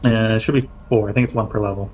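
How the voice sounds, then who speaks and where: A man's voice: fairly low pitch, fairly even intonation, racing, darkish tone, slight background noise. A man as a player, answering rules questions matter-of-factly. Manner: matter-of-fact about the rules. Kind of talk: casual play talk.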